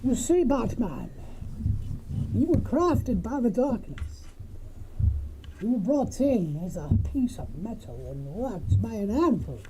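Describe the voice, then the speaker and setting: A woman's voice: on the high side, sing-song, slow, pauses often, warm tone, a little hiss or hum, rough recording. A woman doing an impression of a menacing masked male villain, delivering a grandiose, theatrical monologue through a respirator. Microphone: wearing a respirator mask.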